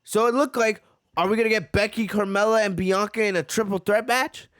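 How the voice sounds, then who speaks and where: High-voiced man ranting on a podcast. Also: fairly even intonation, brisk, fairly bright tone, no room sound, clean studio sound. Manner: frustrated, repeats himself, many fillers. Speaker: wrestling podcast host. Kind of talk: ranting reaction commentary.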